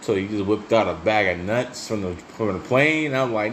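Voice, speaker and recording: Heavy noise fills this recording of a man with a fairly low voice, speaking at a moderate pace as the solo host of his own podcast. He tells casual, profane stories, laughing often, swearing freely, and staying chatty and animated.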